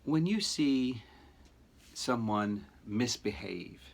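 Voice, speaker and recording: A man in middle age delivers a teaching lecture in a measured, low-pitched voice. He moves at a slow, deliberate pace, leaning on key words with earnest emphasis. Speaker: teacher educator. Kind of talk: recorded lecture narration.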